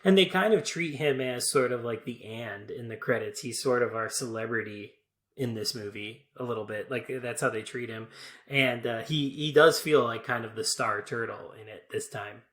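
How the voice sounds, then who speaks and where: A laid-back man in his thirties chats about a movie on a podcast and laughs easily. His voice sits at an average pitch and carries the echo of a roomy space. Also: moderate pace, fairly bright tone. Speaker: podcast co-host. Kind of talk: casual movie review chat.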